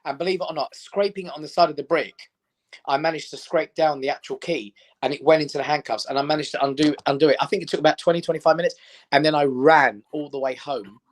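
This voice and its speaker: This fast-talking comedian guest, a middle-aged Englishman with a voice on the high side, tells animated anecdotes in casual chat. He acts out the people in his stories, mimicking their quoted voices.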